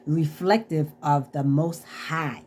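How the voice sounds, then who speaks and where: An inspirational vlogger, a woman with a low-sitting voice, shares a personal story and urges positive thinking in an earnest, heartfelt tone. Her intonation stays fairly even, her pace is slow, and her sound is slightly mellow over a faint hiss or hum. It's a casual inspirational monologue.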